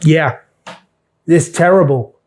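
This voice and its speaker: Slow and a little mellow, this fairly high-pitched male voice belongs to a middle-aged live stream host who used to carry mail. He rants about his job with blunt sarcasm and curses freely.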